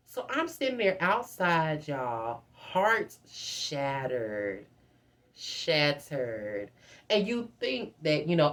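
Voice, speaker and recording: A young woman vlogger telling a dramatic, profane storytime straight to her viewers. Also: on the low side. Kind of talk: casual storytime.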